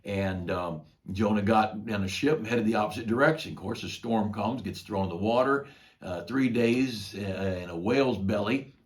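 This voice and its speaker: A man's voice: on the low side, normal speed. An older man, a pastor, retelling a Bible story in a folksy, conversational devotional talk.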